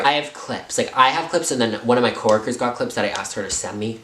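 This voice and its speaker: Young man, chatty storytime vlogger, mid pitch, roomy sound. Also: fast talker. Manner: animated, filler-heavy, jumps into high voices. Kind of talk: storytime vlog.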